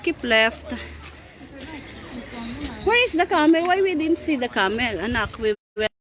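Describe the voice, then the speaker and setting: A mother with a Filipino accent films her small child at a crowded outdoor zoo, chatting casually in a coaxing, sing-song way. Her high, slightly bright voice has lively intonation and a measured pace. The busy zoo crowd can be heard in the background.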